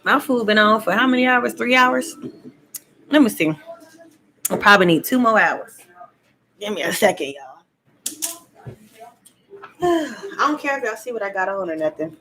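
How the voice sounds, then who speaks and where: A woman's voice: medium pitch, lively intonation, moderate pace, long pauses, poor audio. A woman chatting casually on a tarot livestream from home, acting out voices and laughing often. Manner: loud, laughing, acts out voices with slang. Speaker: tarot reader and vlogger. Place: at home, cooking.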